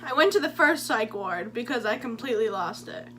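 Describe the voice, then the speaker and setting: A woman's voice: a little high, animated, fairly quick, bright, forceful tone, slight background noise. A young woman telling her own stories in a chatty, jokey story-time vlog. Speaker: vlogger.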